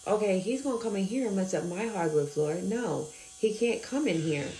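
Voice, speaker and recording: A woman's voice: mid-range voice, normal speed, roomy sound, a little hiss or hum, low-quality recording. A woman who works as an at-home nail tech, telling a story about a client and acting out what each person said. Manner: animated, acts out quoted dialogue.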